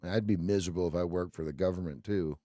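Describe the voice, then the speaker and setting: A man's voice: low-pitched, fairly even intonation, quick pace, mellow, no echo, clean studio sound. A man hosting a live trading stream, ranting bluntly and sarcastically in casual chat.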